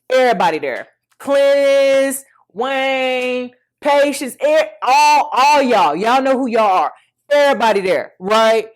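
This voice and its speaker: A woman in her thirties tells her own story to the camera in a loose, animated way, calling out to her viewers. Her voice sits a little high, and she keeps it chatty and personal even when the subject turns heavy. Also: measured pace. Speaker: vlogger.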